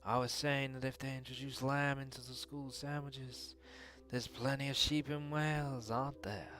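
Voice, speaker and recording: A man's voice: mid-range voice, fairly even intonation, moderate pace, sharp tone, natural voice. A man voicing a chatty teenage schoolboy with a casual put-on accent while reading a game aloud. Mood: laid-back.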